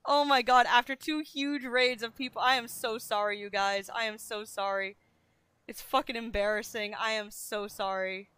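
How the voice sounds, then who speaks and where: A woman's voice: on the high side, fairly even intonation, moderate pace, a bit bright, clear, resonant tone, dry recording. A young woman streaming, talking casually to her chat, flustered and self-deprecating, swearing often as she vents. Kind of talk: casual livestream talk to chat.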